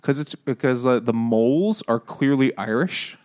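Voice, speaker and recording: A man's voice: medium pitch, lively intonation, normal speed, darkish tone. A man co-hosting a casual book-and-beer podcast, rambling, swearing freely and laughing often. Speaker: podcast co-host. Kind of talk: casual book chat over beers.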